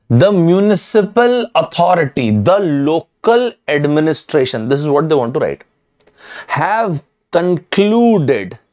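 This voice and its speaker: Lively teacher. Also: male voice, on the high side. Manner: lively, emphatic, repeats key words, addresses students directly. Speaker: online exam-prep teacher. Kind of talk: live online lesson.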